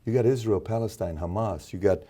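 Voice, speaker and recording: A man from Iran, a podcast guest and entrepreneur, telling stories and acting out quoted exchanges with sudden jumps in pitch. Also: brisk, dark tone. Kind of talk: animated storytelling interview talk.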